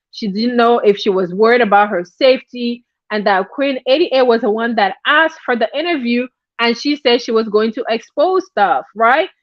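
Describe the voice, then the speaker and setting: A woman's voice: on the high side, no room sound, muffled recording. A woman giving casual, chatty gossip commentary, dropping in asides as she tells the story. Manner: chatty, animated, drops in asides like "right?". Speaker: commentary YouTuber.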